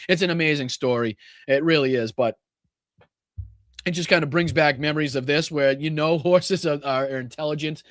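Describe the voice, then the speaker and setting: A man's voice: medium pitch, a bit bright, no room sound, studio quality. A man with a Boston accent hosting a political livestream podcast, blunt and rambling with lots of fillers and the odd curse. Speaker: podcast host. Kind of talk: casual livestream talk.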